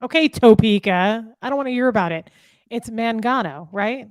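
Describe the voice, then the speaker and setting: A woman's voice: a little high, lively intonation, moderate pace, a little mellow, dry recording. A woman co-hosting a casual live stream, making dry, teasing remarks and exasperated asides. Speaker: livestream co-host.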